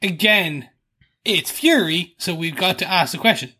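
A man co-hosting a podcast, animated and jokey, musing aloud with questions in casual chat. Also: sits high, a little slow, slightly rough. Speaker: podcast co-host.

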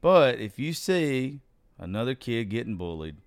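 A man's voice: medium pitch, sing-song, a little slow, no room sound. A man hosting a casual political talk show, rambling loosely with hesitations, then speaking with more fire.

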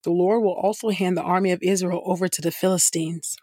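A woman reading the lines of an aged male prophet raised from the dead, solemn and reproachful, in an even scripture-reading voice. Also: on the low side, fairly quick, slightly rough, no echo, studio quality. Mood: stern.

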